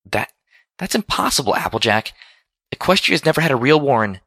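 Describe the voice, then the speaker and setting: A man's voice: mid-range voice, animated, fairly quick, pushed and bright, dry recording, studio quality, pitched above the performer's own voice. A man voicing a studious, earnest female pony leader who speaks firmly. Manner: earnest, firm, commanding.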